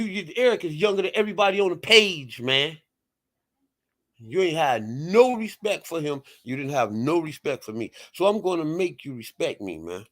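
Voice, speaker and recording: Animated, emphatic man with a lively voice. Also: a little high. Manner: emphatic, repeats "right?" and "people", rising to loud outbursts. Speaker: online show host. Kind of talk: heated casual commentary reading from screen.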